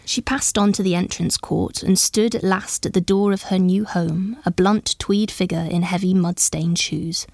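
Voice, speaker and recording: A woman narrating a story in a measured, even storytelling manner. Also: on the low side, gravelly, no room sound. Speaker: audiobook narrator.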